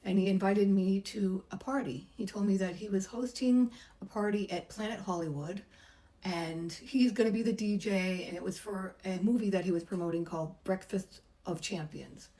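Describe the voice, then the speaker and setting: A woman's voice: medium pitch, normal speed, dark tone, poor audio. A middle-aged woman, a massage therapist, chattily telling a personal story and acting out the voices she quotes. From United States.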